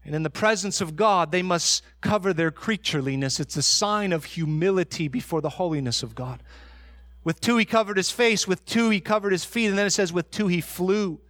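High-voiced man preaching a sermon. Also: a bit bright, no room sound. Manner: emphatic preaching, slows for stress. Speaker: pastor.

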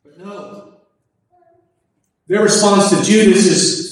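A man's voice: high-pitched, unhurried. A man preaching a sermon at a church service, emphatic and repeating his key phrases, in an echoey, distant recording. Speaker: pastor.

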